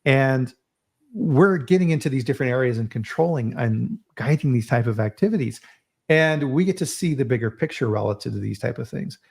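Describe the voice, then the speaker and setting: A man hosting a casual live-stream talk, telling stories in an animated way, often restarting and repeating words. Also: mid-range voice, fairly quick, creaky, husky. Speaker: host.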